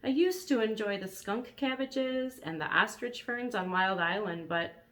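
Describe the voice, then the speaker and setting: A woman reading a storybook aloud, voicing a gentle, grateful young male dragon in a raised, polite voice. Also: mid-range voice, unhurried, voice pushed up, close to an everyday voice. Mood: gentle, eager.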